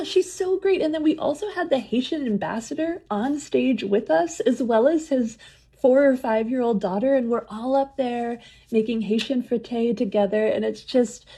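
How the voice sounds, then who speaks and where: Woman, mellow and husky, eager interview storytelling, frequent laughter. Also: fairly high pitch. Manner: enthusiastic, laughs often while telling stories. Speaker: museum program leader and guest.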